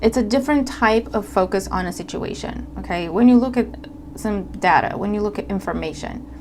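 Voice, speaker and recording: Woman doing a relaxed tarot reading to camera, conversational, medium pitch, faint noise underneath. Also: fairly quick. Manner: conversational, checks in with listeners often. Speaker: tarot reader.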